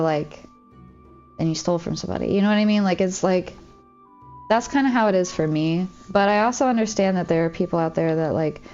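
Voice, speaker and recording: This woman rambles openly while streaming a game from home, sharing confidences in a casual chat peppered with "like". Her low-leaning voice is a little mellow, and the audio sounds dull.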